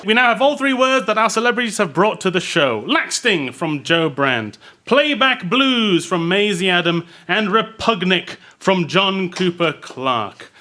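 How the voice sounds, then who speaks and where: A man's voice: high voice, expressive, unhurried. A man hosting a comedy panel show before a live audience, wry and playful, often laughing at his own jokes. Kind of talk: chatty quiz-show hosting. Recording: loud noisy stage recording.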